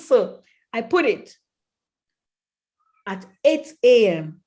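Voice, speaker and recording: A skincare brand founder appearing as a podcast guest tells an earnest, emotional personal story full of vivid detail. Her fairly high, darkish voice is very animated yet very slow, and she raises it to act out the people she quotes.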